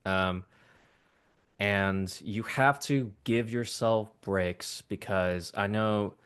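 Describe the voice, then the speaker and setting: A man in his thirties, a voice actor, answering interview questions in a casual, animated way with many fillers and restarts. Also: lowish voice, very slow, smooth. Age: 30s. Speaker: voice actor guest.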